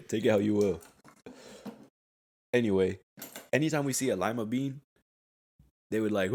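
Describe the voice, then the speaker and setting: Low-voiced young man rambling on a podcast. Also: normal speed, pauses often, mellow. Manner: rambling, laid-back, laughs at himself. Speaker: podcast host. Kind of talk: casual solo podcast monologue. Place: at home.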